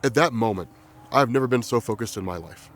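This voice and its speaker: A man quietly telling a personal story in a halting, reflective way. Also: mid-range voice, faint music behind. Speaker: vlogger.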